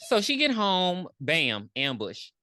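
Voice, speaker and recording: A woman's voice: fairly low pitch, huge pitch swings, slow, pushed and bright, a little hiss or hum. A woman co-hosting a podcast, retelling a movie's plot in casual chat, acting out the characters' lines and swearing freely. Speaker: podcast co-host.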